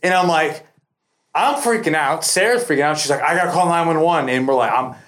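Animated, swearing man telling a story. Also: on the high side, a little fast. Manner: profane, animated, acts out quoted lines. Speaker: podcast guest. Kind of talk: casual storytelling.

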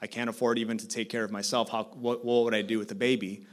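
A man in his thirties sharing a personal testimony as a guest speaker at church, storytelling warmly and growing animated. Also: lowish voice, fast. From South Korea. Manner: storytelling, animated when excited, soft in prayerful parts. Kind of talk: testimony sermon.

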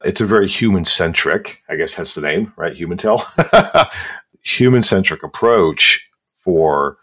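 A male podcast host with an extremely low voice. His tone is bright and forceful, and he prompts his guest with curious questions in a relaxed conversational way. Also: moderate pace, breathy edge.

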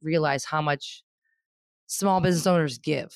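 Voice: medium pitch, fairly even intonation, normal speed, no room sound, studio quality. A podcast host responding to a guest in an emphatic, conversational way, repeating points for emphasis. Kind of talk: conversational interviewing.

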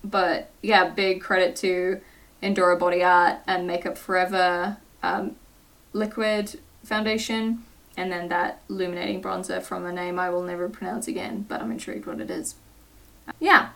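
A woman's voice: on the low side, level tone, moderate pace, gravelly, a bit bright, distant mic, low-quality recording. A British woman co-hosting a podcast in casual chat, giggly and self-deprecating. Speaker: podcast co-host.

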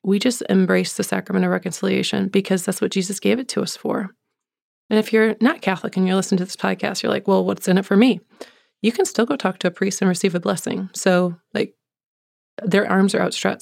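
A woman hosting a podcast, giving a devotional reflection in a slow, soft, deliberate way, with casual fillers. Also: medium pitch, fairly even intonation, vocal fry, dry recording, studio quality. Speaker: podcast host.

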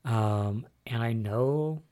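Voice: medium pitch, drawn-out words. A podcast host recapping soap episodes in a casual solo chat, rambling and musing aloud with lots of fillers. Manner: excitable and spoiler-wary.

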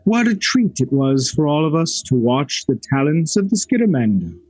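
Man, tabletop player, playful, animated pitch, husky, dry. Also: normal speed, no echo. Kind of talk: casual tabletop game play.

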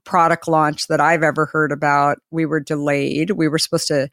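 A woman who founded a company, telling an anecdote as an interview guest and acting out the quoted dialogue with lively shifts of voice. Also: deep voice, moderate pace, no room sound, studio quality. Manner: animated, acts out quoted dialogue. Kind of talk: anecdotal storytelling in conversation.

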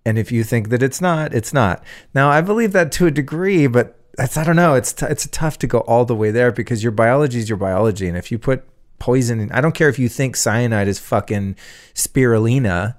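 A man's voice: mid-range voice, lively intonation, fairly quick. A man in casual podcast conversation, rambling and swearing freely as he tells a story.

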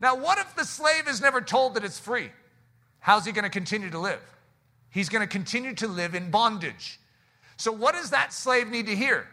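A man from the United States preaching a sermon, lively and animated, dropping low and quiet at times. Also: a little fast. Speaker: pastor.

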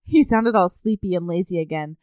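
A woman co-hosting a podcast, chatting casually about a book and reading quotes aloud with animated voices. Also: fairly low pitch, a little fast, smooth, no room sound. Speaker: podcast co-host. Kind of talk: casual book-club chat.

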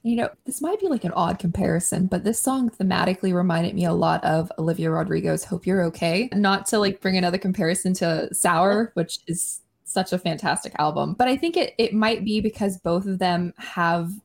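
A woman hosting a podcast, chatting casually in an upbeat, quick way. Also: on the low side, creaky. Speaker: podcast host.

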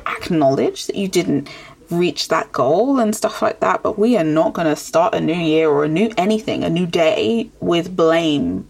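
A woman hosting a podcast interview, talking in an upbeat coaching tone and firing off quick rhetorical questions. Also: fairly low pitch, lively intonation, gravelly, darkish tone, breathy edge. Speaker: podcast host. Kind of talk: casual interview chat.

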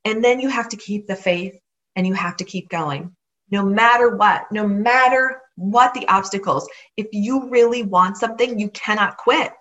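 A woman's voice: medium pitch, normal speed, a bit bright, dull audio. A woman hosting a motivational podcast, telling a personal story in an earnest, encouraging way and repeating phrases for emphasis. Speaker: podcast host.

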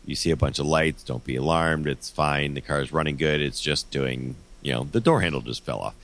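Low-voiced man explaining car fixes. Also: normal speed. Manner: relaxed, explains step by step. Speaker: car repair expert guest. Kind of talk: casual chat.

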